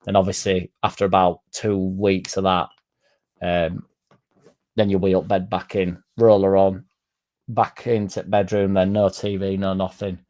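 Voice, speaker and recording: A man hosting a fan livestream, rambling through deadpan jokes and chatting to the chat. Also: low-pitched, measured pace. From Leeds, England. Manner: rambling deadpan joking, dropped articles. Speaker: fan channel livestream host. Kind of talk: casual livestream chat reading the chat.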